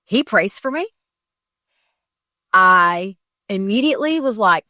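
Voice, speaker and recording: A woman's voice: mid-range voice, expressive, slow, pushed and bright, no echo, studio quality. A middle-aged woman telling a personal faith story as a podcast guest, earnest and tumbling, with many restarts and fillers.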